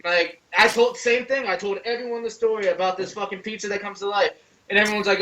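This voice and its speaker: A man on a horror podcast telling childhood stories in casual chat, animated and full of profanity. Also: sits high, quick pace. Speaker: podcast co-host. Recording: distant mic with faint noise.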